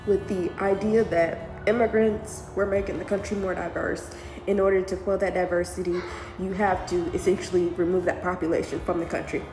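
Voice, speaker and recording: A woman's voice: medium pitch, echoey room. A woman and mother speaking earnestly in a casual monologue, near tears.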